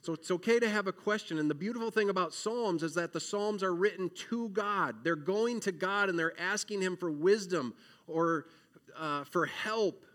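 A man giving an earnest, emotional children's sermon, acting out prayers and shifting between loud pleading and quiet reflection. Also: sits high, normal speed. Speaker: children's minister.

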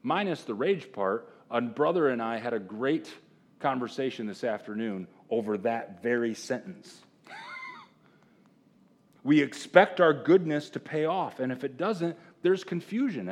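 Guy preaching to a room full of men, gets loud then drops to a hush, does little voices for the people in the story. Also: mid-range voice, normal speed. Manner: animated, jumping between loud exclamations and hushed asides; acts out quoted characters in voices. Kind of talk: sermon. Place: room with a live audience of men.

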